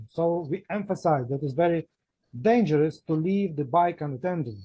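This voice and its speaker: Husky-voiced man teaching grammar. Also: fairly high pitch, lively intonation, normal speed, no echo, lo-fi sound. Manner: patient, explains step by step with repeated examples. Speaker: English teacher. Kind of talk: online grammar lesson.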